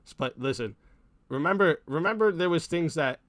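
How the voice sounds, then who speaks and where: A man's voice: on the high side, lively intonation, normal speed, fairly bright tone, dry recording, clean studio sound. Cursing young man ranting on a livestream. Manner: heated, cursing, blunt. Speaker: livestream host. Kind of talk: profane livestream rant.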